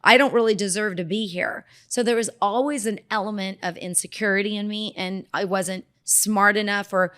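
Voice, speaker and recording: Speaking at normal speed with few pauses, this mid-range-voiced dermatologist from Southern California tells her life story as a guest in a relaxed interview. The middle-aged woman stays animated, performing the voices of those she quotes.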